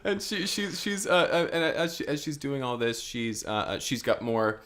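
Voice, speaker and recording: A man co-hosting an improvised comedy podcast, telling the story in halting bursts with many restarts and giggles. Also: mid-range voice, steady tone, a bit bright. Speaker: podcast co-host.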